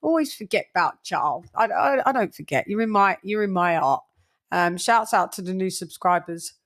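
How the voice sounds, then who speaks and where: A woman hosting a boxing talk stream, chatting casually and giving loud shout-outs, swearing freely. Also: mid-range voice, animated, moderate pace. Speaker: boxing channel host. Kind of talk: casual livestream chat.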